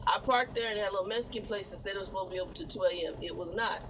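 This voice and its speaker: A truck driver with a high-pitched voice talks very fast, telling a long, exasperated, rambling story to the camera facing him in his cab, laughing now and then. It's casual vlog storytelling, with background noise in the recording.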